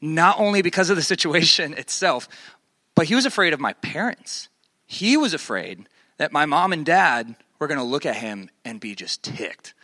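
Animated young man telling a family story. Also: fairly high pitch, normal speed, no room sound. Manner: animated storyteller, acts out quoted voices, many fillers. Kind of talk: casual personal storytelling.

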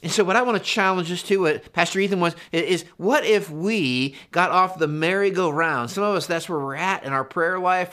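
A middle-aged man, a pastor, preaching a conversational, animated sermon. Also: fairly high pitch.

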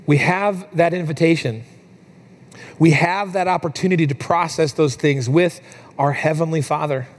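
Conversational man preaching a sermon. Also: normal speed. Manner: conversational storytelling with fillers, rising higher and softer in emotional moments. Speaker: pastor.

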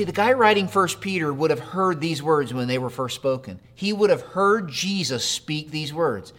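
A man's voice: on the high side, fairly bright tone. Man preaching with repeated questions. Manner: conversational preaching with direct questions and repeated phrases. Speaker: pastor. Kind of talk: sermon.

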